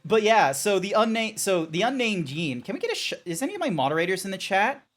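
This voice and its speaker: A man's voice: sits high, big pitch swings, quick pace, a bit bright. A man streaming live, chatting casually in a rambling, joking way and trailing off mid-sentence. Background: faint background music.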